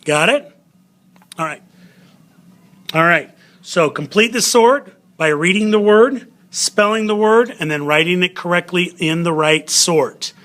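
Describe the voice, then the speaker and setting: A man gives a recorded spelling lesson at an unhurried pace. His voice is bright and sits a little high. He patiently sounds out syllables and spells words letter by letter. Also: expressive. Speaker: teacher.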